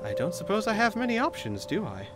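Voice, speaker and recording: A man voicing a proud, gentle older woman wizard in a tabletop game, speaking softly and in a measured way, with music playing behind. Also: sits high, huge pitch swings, pitched above the performer's own voice. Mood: troubled.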